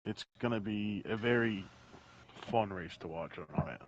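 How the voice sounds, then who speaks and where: Lowish guy chiming in on a sim race broadcast, matter-of-fact, bit of hiss behind. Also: normal speed, muffled recording. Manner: brief matter-of-fact remarks. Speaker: co-commentator. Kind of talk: sim racing color commentary.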